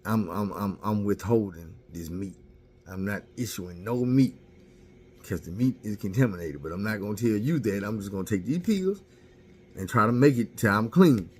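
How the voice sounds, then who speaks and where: A man's voice: fairly low pitch, animated, normal speed, a little mellow, slight background noise. A man casually telling a candid, profane story about himself and mocking his own mistakes.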